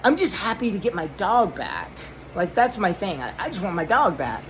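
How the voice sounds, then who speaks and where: A woman's voice: mid-range voice, huge pitch swings, normal speed, a little hiss or hum, low-quality recording. A woman vlogging from her new fish room at home, telling a long story in a loose, rambling way with lots of fillers and repeats. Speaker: aquarium hobby vlogger. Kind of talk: casual storytelling vlog.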